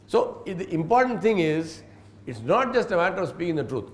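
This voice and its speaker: A man's voice: sits high, big pitch swings, fairly quick. A man giving a religious lecture as an Islamic scholar, earnest and storytelling, chuckling as he recounts anecdotes. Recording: roomy echo.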